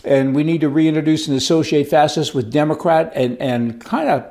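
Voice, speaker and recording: A man's voice: a little high, moderate pace, mellow. An older man giving rambling, folksy political commentary as host, with chuckling asides.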